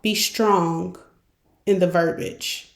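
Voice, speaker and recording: A woman's voice: lowish voice, fairly even intonation, slow, gravelly. A woman hosting a podcast, coaching listeners in a direct, encouraging way and acting out examples. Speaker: podcast host and consultant. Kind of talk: coaching monologue. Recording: roomy echo.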